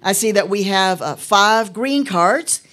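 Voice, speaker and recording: A woman voicing a tall male Texan immigration officer with a Texan accent, slow and folksy with hesitations. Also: medium pitch, lively intonation, fairly bright tone, voice pushed up. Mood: officious.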